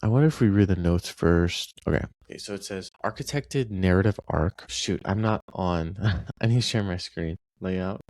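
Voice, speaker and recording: Here a man's low-pitched, slightly mellow voice carries a short story at a moderate pace, free of echo. Between read passages he drifts into loose, chatty asides, the way a teacher talks a class through a text.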